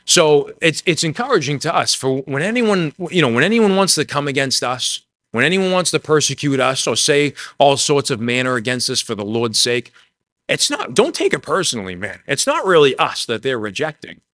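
A man preaching a sermon in a conversational way, dropping soft and low when he voices quoted words. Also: very animated, normal speed, no echo. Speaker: pastor.

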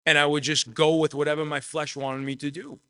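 Forceful, earnest male preacher. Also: fairly high pitch, flat delivery, a little fast, smooth, dry recording. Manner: earnest, repeats phrases for emphasis; shares personal testimony. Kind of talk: sermon.

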